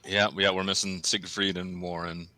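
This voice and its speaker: A man's voice: low-pitched, little pitch movement, normal speed, sharp tone. A man chatting casually as a player in a tabletop game, eager and talkative. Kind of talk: casual chat.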